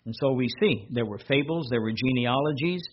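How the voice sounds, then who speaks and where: A man preaching a sermon as a pastor, rising in pitch and volume whenever he reads scripture aloud. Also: brisk, muffled recording, slight background noise.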